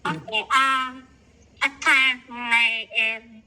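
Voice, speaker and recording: Slow, bright Jamaican woman, voice disguised. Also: on the high side, fairly even intonation, smooth, rough recording. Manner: halting, hesitant, with many pauses and fillers. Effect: voice disguise filter. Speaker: caller sharing her life story. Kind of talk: personal storytelling over a call.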